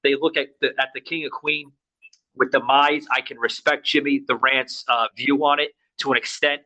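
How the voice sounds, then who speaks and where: A man's voice: medium pitch, steady tone, moderate pace, bright, forceful tone, rough recording. A man hosting a podcast in heated political talk, angry, stammering and swearing a lot. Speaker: podcast host.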